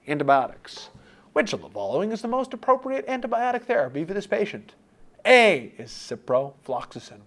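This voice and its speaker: A man lecturing for a medical board exam review, animated and playing out imagined student replies. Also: high voice.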